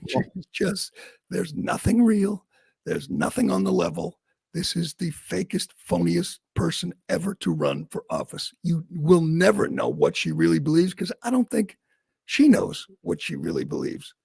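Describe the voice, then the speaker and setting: A man's voice: high-pitched, very animated, vocal fry, darkish tone, husky, no echo, studio quality. A man hosting a talk show, delivering sarcastic, mocking political commentary. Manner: sarcastic, mocking, quick asides with laughs. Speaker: talk radio host.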